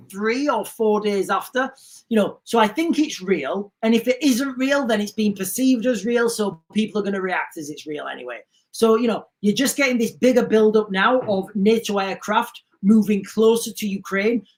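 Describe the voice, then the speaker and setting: A man hosting a casual livestream, reading viewer comments and rambling with frequent restarts. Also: high-pitched. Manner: rambling, restarts often, animated asides. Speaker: livestream host.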